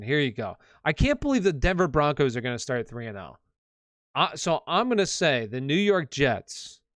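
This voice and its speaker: A man's voice: a little high, no echo. A young man hosting a live sports Q&A stream, chatting casually with lots of fillers and rambling asides. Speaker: fantasy football livestream host.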